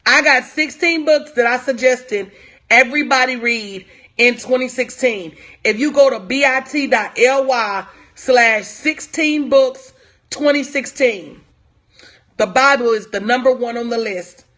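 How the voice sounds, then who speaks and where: Slow and a little high, with a slightly bright tone, a female life coach gives a motivational talk on a live stream. Lines get repeated for emphasis, and she names viewers from the chat.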